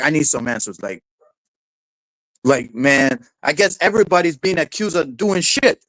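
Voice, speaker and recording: A man's voice: a little high, a bit bright, dry recording, rough recording. A man streaming live, ranting in a rambling way, repeating words, filling gaps with "like" and "you know", swearing casually and laughing often. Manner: rambling, repeats words, heavy fillers like 'like' and 'you know'. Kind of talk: rambling livestream rant.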